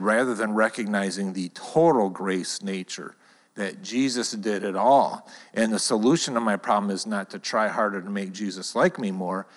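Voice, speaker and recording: A man's voice: on the low side, moderate pace. A man leading a church talk, telling a personal story in a conversational way to his congregation. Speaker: church leader. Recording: long hall reverb.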